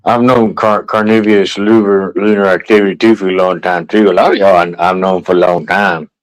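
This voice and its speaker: A man's voice: sits low, brisk, poor audio. A man hosting a livestream, chatting casually and rambling with restarts. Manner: rambling, repeats himself, relaxed. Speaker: livestream host. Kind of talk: casual stream chat.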